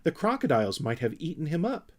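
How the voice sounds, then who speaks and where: A man's voice: a little high, big pitch swings, fast talker, pitched above the performer's own voice. A man voicing an earnest, orderly young boy creature who speaks precisely, in a storybook reading.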